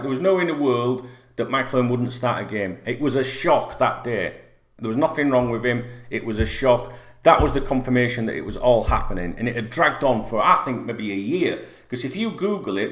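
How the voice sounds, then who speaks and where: A man's voice: mid-range voice, fairly bright tone. A middle-aged man hosting a football fan channel, talking bluntly and rambling in a sweary rant to camera. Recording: roomy echo.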